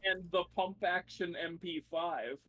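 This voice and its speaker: A young man playing in a tabletop game, chatting and joking loudly with the group. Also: sits high, unhurried. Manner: joking, boisterous. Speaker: player. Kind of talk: casual chat.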